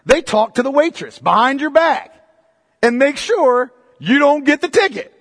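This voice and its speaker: A man preaching a sermon as pastor, emphatic and repetitive, swinging between loud and hushed delivery. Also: extremely high pitch, sing-song, a little slow, big-room sound.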